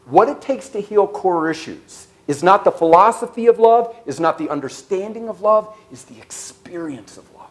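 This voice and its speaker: A man giving an animated sermon-style talk at a church service, telling stories and questioning the audience. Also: high-pitched, normal speed, few pauses. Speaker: speaker.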